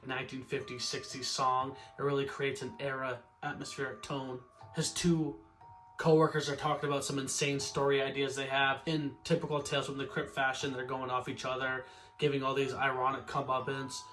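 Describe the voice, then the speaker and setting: A man's voice: medium pitch, fairly bright tone. Laid-back slangy male reviewer. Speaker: horror review host. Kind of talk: casual spoken episode review.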